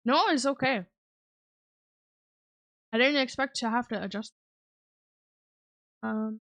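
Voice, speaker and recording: A woman livestream host chatting casually from her home setup. Her voice sits a touch high, and she rambles through plenty of ums and giggles as she talks to her viewers. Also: takes it slowly, a bit bright. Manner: rambling, lots of fillers, giggly. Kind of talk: casual chat.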